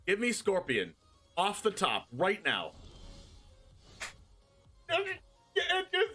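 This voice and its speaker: A man streaming a card game, reacting with excited yells and laughter as he plays. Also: sits high, drawn-out words, long pauses, soft background music. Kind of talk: live gameplay commentary.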